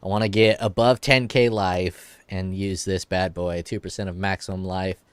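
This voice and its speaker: A man's voice: low-pitched, fairly even intonation, normal speed, clear, resonant tone, dry recording. A man in his forties, stuffed up and nasal, chatting casually and edgily while streaming a game, swearing now and then. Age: 40s. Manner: youthful, edgy, swears casually. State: congested nose.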